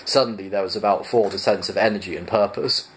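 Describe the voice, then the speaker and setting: Lowish-voiced man reading a novel aloud. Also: fast, slight background noise, low-quality recording. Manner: relaxed, with stumbles and restarts. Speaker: reader. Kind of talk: casual audiobook reading.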